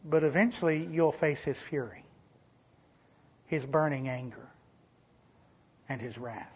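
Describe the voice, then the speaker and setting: A man preaches in an earnest, measured voice that sits a little high for a man. He stresses his points with sudden lifts of emphasis and slips in dry, sarcastic asides. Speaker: pastor. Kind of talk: sermon.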